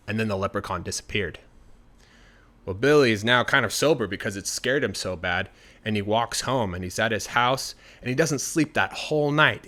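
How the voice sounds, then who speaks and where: Man telling a story casually. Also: lowish voice. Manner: relaxed and conversational, with fillers like "you know".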